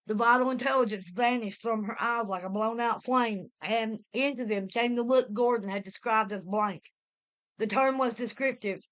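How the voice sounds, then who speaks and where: A woman's voice: fairly high pitch, a bit bright, clear, resonant tone. A woman giving a vivid, dramatic reading of a pulp horror story. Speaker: reader.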